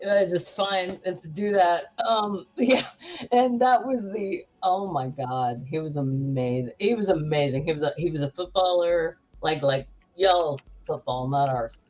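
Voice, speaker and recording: A woman telling crude animated stories. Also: lowish voice, unhurried. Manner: animated, crude, self-mocking storyteller. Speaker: guest teacher. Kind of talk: casual group video chat. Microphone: video call. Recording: dull lo-fi call audio.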